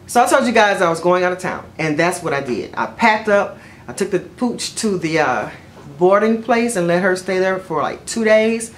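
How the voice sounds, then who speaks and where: A woman's voice: animated, normal speed, slight background noise. Chatty woman vlogger telling a story. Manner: chatty, rambling, with fillers and self-corrections; jumps high in pitch when quoting herself. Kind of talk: casual storytelling to camera.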